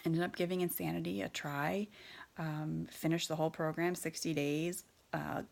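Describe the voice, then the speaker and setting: Woman in her thirties, low and gravelly, telling her story candidly, hesitant with lots of fillers. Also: level tone, moderate pace, a little mellow. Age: 30s. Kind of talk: personal storytelling.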